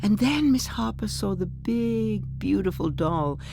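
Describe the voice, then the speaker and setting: A woman reading a short story aloud in a measured, expressive storytelling manner. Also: mid-range voice, vocal fry, music in the background. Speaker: audiobook narrator.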